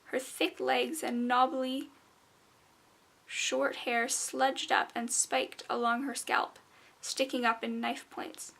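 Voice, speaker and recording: A woman reading a children's fantasy book aloud in a measured, expressive way. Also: a little high, creaky. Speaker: audiobook reader. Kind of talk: storybook narration.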